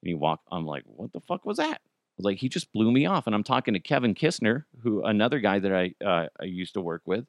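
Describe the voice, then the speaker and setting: A man with a Cajun accent hosting a podcast, telling stories in a joking, profane, animated way. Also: lowish voice, quick pace, no room sound, clean studio sound. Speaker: podcast host. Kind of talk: casual comedic monologue.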